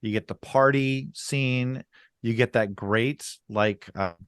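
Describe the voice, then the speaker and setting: A podcast co-host chatting casually about a film, halting and easygoing, with many restarts. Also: medium pitch, smooth, dry recording, clean studio sound. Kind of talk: casual film review chat.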